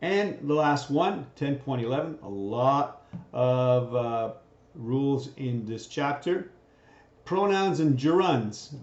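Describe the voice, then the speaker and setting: A man's voice: medium pitch, darkish tone. Give me a man giving a recorded grammar lecture in an echoey room, muffled sound. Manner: keeps asking "right?" to check understanding. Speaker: teacher. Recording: dull, roomy lecture recording.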